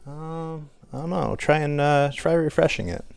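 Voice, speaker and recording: A man's voice: a little high, moderate pace, vocal fry, soft background music. A man telling a rambling story on a live stream while he paints, hesitant and self-conscious, with a dry throat.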